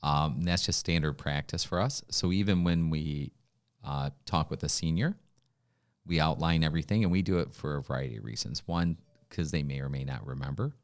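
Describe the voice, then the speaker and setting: A man's voice: rumbling low, fairly quick. A man hosting a casual interview, chatty and agreeable, reacting readily to his guest. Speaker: host of a real estate talk show.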